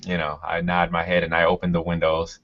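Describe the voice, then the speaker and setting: A man playing a tabletop game, describing his character's actions in the first person with a drawn-out, musing delivery. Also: sits low, completely flat delivery, a bit bright. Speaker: player. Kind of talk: first-person role-play narration. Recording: dull lo-fi recording.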